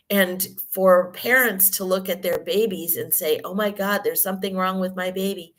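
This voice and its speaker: A woman with a fairly low voice, still croaky from a recent cold and her first words of the morning. She explains a health topic at length in a loose, conversational way, with frequent ums and small self-corrections. The recording was made in a hotel room. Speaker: podcast host. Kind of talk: casual explanatory monologue.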